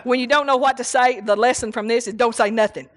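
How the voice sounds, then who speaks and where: A woman's voice: a little high, fairly even intonation, fast talker. A woman preaching a rambling, folksy sermon at a church service, often laughing and saying hallelujah.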